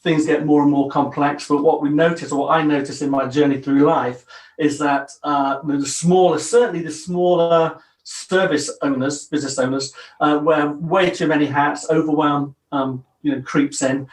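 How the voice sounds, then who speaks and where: A man's voice: on the high side, steady tone, moderate pace. A man, a business coach on a podcast, explaining his method in an earnest, down-to-earth way over a video call. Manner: earnest, explanatory, self-deprecating. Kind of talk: interview answers. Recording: roomy, distant from the mic.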